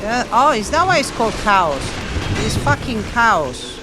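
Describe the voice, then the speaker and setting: Lady gamer yelling and chatting to chat, slow-talking between outbursts, game sounds underneath. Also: a little high, heavy background noise. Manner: excitable, swears often, chats to viewers. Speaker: game streamer. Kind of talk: casual live-stream commentary.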